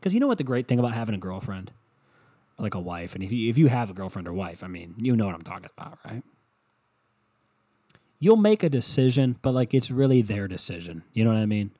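A man's voice: fairly low pitch, big pitch swings, fast, warm tone. Rambling, foul-mouthed comedic rant from a man. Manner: rambling, profane, mocking.

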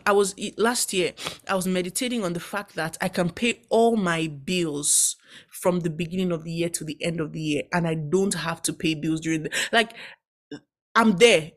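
A young adult woman giving a casual devotional sermon, animated and exclamatory, often breaking into praise. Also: medium pitch. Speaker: devotional speaker.

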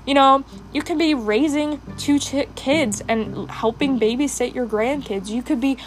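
A woman's voice: high-pitched, a little slow, rough recording. A young woman hosting a personal podcast, talking with passion and rambling with many fillers while doing her makeup. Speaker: podcast host.

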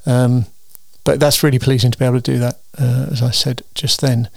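A man's voice: mid-range voice, little pitch movement, brisk, creaky, darkish tone, no room sound, studio quality. A tired man hosting his weekly solo show, chatting in a meandering way with frequent ums and restarts. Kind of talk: casual rambling monologue.

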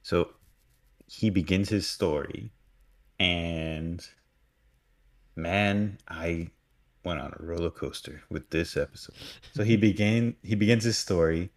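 A man co-hosting a podcast, recapping a TV episode in an animated, joking, casual way. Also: low voice, slow pace, long pauses. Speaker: podcast co-host.

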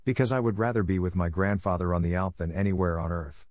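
A man's voice: low-pitched, fairly even intonation, fast, darkish tone, no room sound, clean studio sound, natural voice. A man voicing an earnest young girl coming home to her family, reading her lines with a raised, heartfelt voice.

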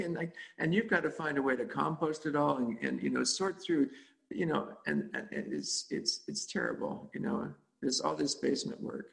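A man's voice: on the high side, lively intonation, normal speed, vocal fry, fairly bright tone. A man teaching meditation in a dharma talk, speaking in a rambling, conversational way with frequent chuckles.

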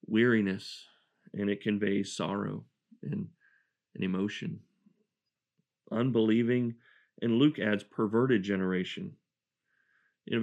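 Earnest man preaching, low and gravelly. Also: a little mellow. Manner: earnest and reflective, with restarts. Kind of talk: sermon, verse-by-verse Bible teaching.

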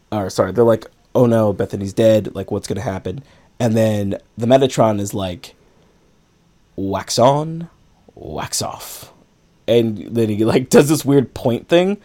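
A man's voice: fairly low pitch, warm tone. Chatty man recapping a film. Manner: rambling, laughs often, filler "like". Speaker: podcast host. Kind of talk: casual chat, recapping a film.

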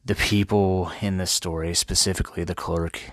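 A man's voice: sits low, little pitch movement, moderate pace, a bit bright, no echo, clean studio sound. A man hosting an irreverent, profanity-heavy comedic retelling of a classic tale. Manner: profane, irreverent, laid-back. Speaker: host.

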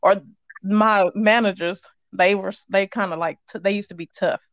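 A woman's voice: mid-range voice, steady tone, normal speed, no echo. A woman in casual chat, telling work stories with a laugh and loose slang. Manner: laughing storyteller, Southern US slang.

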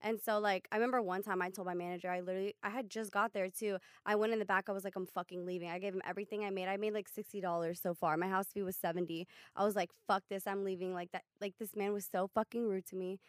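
A woman's voice: mid-range voice, steady tone, fast talker, few pauses, no room sound, studio quality. A young woman co-hosting a podcast, talking bluntly and emphatically, with heavy swearing, as she gives advice. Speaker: podcast co-host. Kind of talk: casual chat, giving advice.

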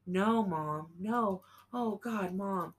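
A man's voice: high voice, drawn-out words, pitched above the performer's own voice. A woman narrator voicing a traumatized young man who pleads and repeats himself. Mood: desperate. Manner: pleading, repetitive.

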